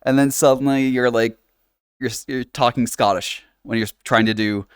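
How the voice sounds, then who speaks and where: A man's voice: mid-range voice, steady tone, moderate pace, smooth, no echo, clean studio sound. A man chatting casually on a live stream in virtual reality, rambling with lots of fillers and restarts, laughing often and swearing casually. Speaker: livestreamer. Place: home setup playing in virtual reality.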